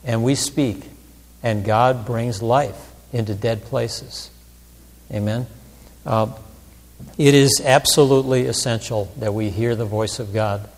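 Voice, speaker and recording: Earnest pastor preaching in a reverberant hall. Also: male voice, mid-range voice, steady tone, slow. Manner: earnest, conversational preaching with repeated restarts. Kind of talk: sermon.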